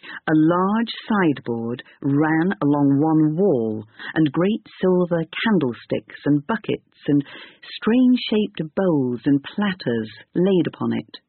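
A man narrating a storybook reading in a measured, expressive way, on a tinny narrow-band recording. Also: a little high, breathy edge, no echo.

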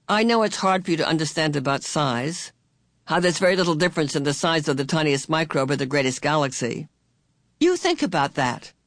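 A cheerful, eccentric old female being, voiced by an audiobook reader talks in a lilting, affectionate way. Her pitch sits higher than the narration and her tone is bright and motherly. The recording is close and dry. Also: no echo, natural voice. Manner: bright, lilting, fond, calls listeners "dear". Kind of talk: audiobook character voice.

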